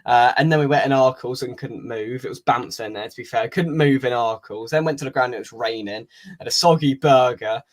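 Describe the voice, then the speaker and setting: Bloke, podcast host, casual rambling football chat. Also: male voice, medium pitch, a little fast. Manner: chatty, rambling storyteller.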